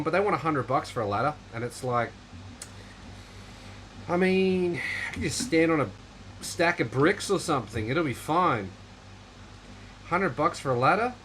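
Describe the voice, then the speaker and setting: A man's voice: medium pitch, fairly bright tone, slight background noise, low-quality recording. A man hosting a casual livestream chat, rambling in a dry, offhand way while reading viewer comments. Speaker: livestream host.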